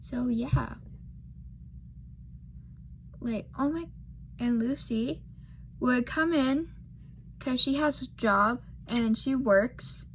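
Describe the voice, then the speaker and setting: An eighteen-year-old woman's high, somewhat bright voice moves very slowly, pausing often as she tells a casual, meandering story about herself. She leans on fillers and self-deprecating remarks, murmuring asides as she does her makeup, with slight background noise.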